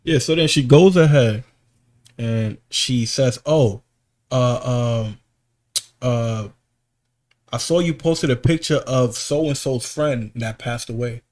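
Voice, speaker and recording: Podcast co-host, male, mid-pitched, casual and animated, slangy storyteller. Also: slow. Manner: animated storytelling, swearing, slang, voice jumps up when worked up.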